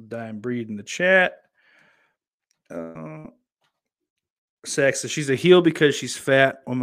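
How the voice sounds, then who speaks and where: A man's voice: medium pitch, expressive, takes it slowly, pauses often, a bit bright, dry recording. Blunt, profane young man streamer. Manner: blunt, profane, rambling with restarts and laughs. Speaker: streamer reading chat. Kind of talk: casual profane live-stream chat about wrestling. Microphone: desk mic close up.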